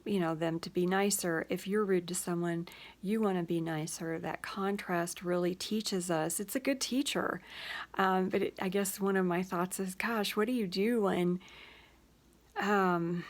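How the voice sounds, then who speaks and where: A woman hosting her own show, gently thinking out loud in a casual, reflective way with many pauses and fillers, sometimes dropping to a soft whisper. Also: on the low side. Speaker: host of a personal reflection show.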